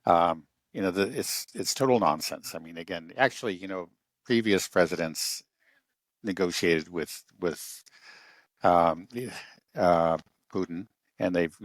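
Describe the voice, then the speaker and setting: A man talking through a casual political discussion, halting often with fillers and restarts. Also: low-pitched, no echo.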